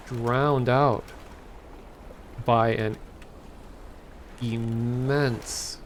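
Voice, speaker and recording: A man reads a story aloud very slowly, stopping and correcting himself mid-sentence. His voice sits in a middle register. There is faint ambient hiss behind him. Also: mid-range voice. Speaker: streamer. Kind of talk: reading an AI-generated story aloud live.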